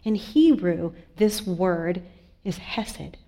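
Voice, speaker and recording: Earnest woman preaching, lowish voice. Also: lively intonation, drawn-out words, a little hiss or hum. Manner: earnest, confiding, shifts between soft and emphatic. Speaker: pastor. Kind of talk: sermon.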